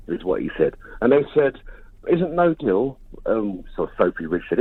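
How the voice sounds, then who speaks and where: A man calling in to a radio phone-in, talking in an animated, stumbling way. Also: mid-range voice, normal speed, no echo. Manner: animated, slightly husky, stumbling. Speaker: caller. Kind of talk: phone-in call. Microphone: telephone. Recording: tinny phone line.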